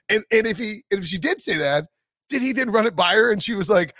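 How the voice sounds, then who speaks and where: A man's voice: high voice, animated, fast talker, fairly bright tone, dry recording. Guy hosting a sports podcast, jokey and chatty, bouncy voice, dry sound. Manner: chatty, joking, laughs often. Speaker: podcast host. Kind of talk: casual sports podcast chat.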